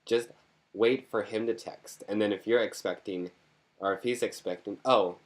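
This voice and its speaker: A man with a low, deep voice chats straight into his camera at home-video ease. He rambles from one topic to the next, joking and poking fun at himself as he goes. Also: steady tone, normal speed, darkish tone. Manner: rambling, joking and self-mocking. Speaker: vlogger. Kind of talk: casual chat to camera.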